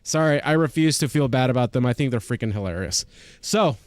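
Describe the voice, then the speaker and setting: A man's voice: medium pitch, expressive, fairly quick, no echo. A young man from Chile hosting a casual reaction video, chatty and easily amused. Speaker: reaction channel host.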